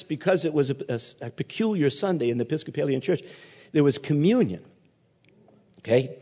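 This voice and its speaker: Guy preaching a sermon, tells stories with voices, big echoey hall sound. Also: on the high side. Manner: animated storytelling with quoted voices. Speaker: pastor.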